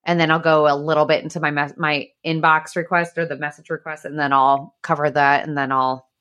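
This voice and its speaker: A woman's voice: sits low, little pitch movement, fairly quick, a bit bright, clear, resonant tone, dull audio. A woman hosting a podcast, chatting candidly and swearing freely as she tells stories about parenting. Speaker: podcast host. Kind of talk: casual chat.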